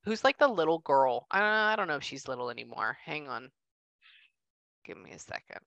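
Bright-voiced woman medium, lively and chatty. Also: low voice, creaky, no room sound, highs cut off. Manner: relays messages in quick bursts, acts out what she is shown. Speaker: psychic medium. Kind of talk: casual reading session.

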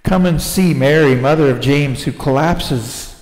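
A man preaching to his congregation, slow and deliberate, drawing listeners in with rhetorical "right?" asides as he prays and retells scripture. His voice rings through a church sanctuary with a long, roomy reverb. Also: fairly high pitch, darkish tone. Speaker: pastor. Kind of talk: sermon.

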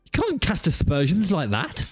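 A man's voice: sits high, wildly swooping pitch, moderate pace, faint music behind. A man commenting on a video, laughing often and swearing playfully as he mocks what he sees. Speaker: reaction video host. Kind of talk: reaction commentary. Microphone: studio podcast mic.

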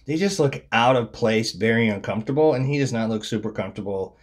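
A man's voice: on the low side, quick pace. Wry man mocking baseball cards. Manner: wry, mocking, trails off with mumbled asides. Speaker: card collector showing his cards. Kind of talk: casual commentary on baseball cards.

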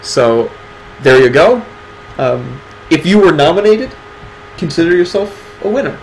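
A man's voice: a little high, animated, unhurried, vocal fry, a little hiss or hum, low-quality recording. A man hosting a casual livestream awards segment, talking in a wry, sarcastic, rambling way. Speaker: stream host presenting community awards.

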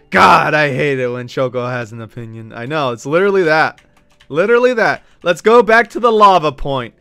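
A man's voice: fairly high pitch, expressive, moderate pace, vocal fry, sharp tone, clear, resonant tone, dry recording. A man streaming a game, talking to his chat in a brash, teasing and profane way. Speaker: gaming streamer. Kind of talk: casual live-stream chat.

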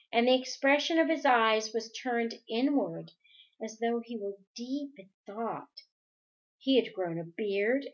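A woman reading a novel aloud chapter by chapter, careful and expressive. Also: on the high side, highs cut off. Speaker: audiobook reader.

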